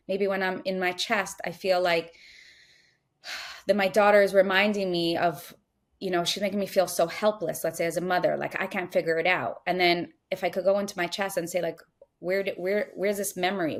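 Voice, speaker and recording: A woman speaking earnestly as a podcast guest, giving a spiritual coaching talk and voicing inner thoughts in little quoted asides. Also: fairly low pitch.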